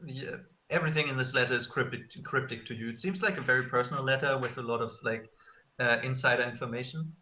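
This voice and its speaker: A man's voice: medium pitch, fast, sharp tone, muffled recording, slight background noise. A man running a tabletop game as game master, casual and loose with many fillers.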